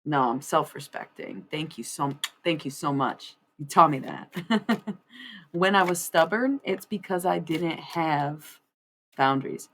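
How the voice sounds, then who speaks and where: A woman's voice: low voice, a little slow, a bit bright, a little hiss or hum. A young woman streamer chatting casually to her viewers while laying out a tarot spread, rambling, laughing often and swearing freely. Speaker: streamer doing tarot readings. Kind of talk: casual live-stream chat.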